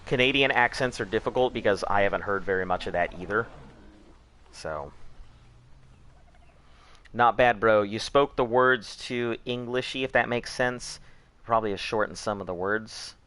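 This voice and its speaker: A man's voice: lowish voice, moderate pace, long pauses, pushed and bright. A man streaming a video game, chatting in a laid-back, rambling way, swearing casually and answering chat. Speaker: gaming streamer.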